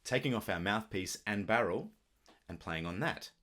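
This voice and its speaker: A middle-aged man explaining clarinet embouchure in a relaxed, thoughtful teaching manner, with the odd filler as he talks. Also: lowish voice, normal speed. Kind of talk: instructional video talk.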